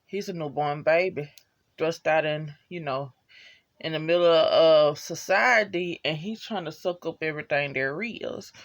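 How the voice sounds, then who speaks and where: A casual vlog reviewer who rambles through the episode in loose, profane slang. The voice sits at a middle pitch, with frequent "you know" asides and fillers between thoughts. The tone is animated and laughs at favorite moments. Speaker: TV show reviewer.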